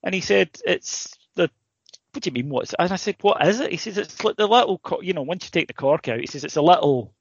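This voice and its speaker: A man's voice: sits high, lively intonation, a little fast, vocal fry, husky, no room sound. A man co-hosting a casual comedy podcast, telling stories animatedly and swearing freely. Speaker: podcast co-host. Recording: dull lo-fi sound, dry.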